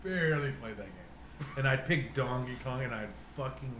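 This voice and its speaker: A man's voice: mid-range voice, animated, moderate pace. A young man co-hosting a podcast, telling stories in a rambling, swear-filled way and acting out what people said. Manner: rambling storyteller, swears a lot, acts out quotes. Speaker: podcast co-host. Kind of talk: casual chat. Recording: echoey room with faint noise.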